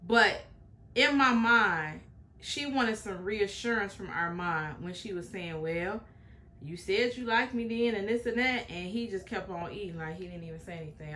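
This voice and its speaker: A woman's voice: fairly low pitch, bright, forceful tone, slight background noise. A woman hosting a reaction video, commenting in a chatty, emphatic way and repeating her points. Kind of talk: casual commentary.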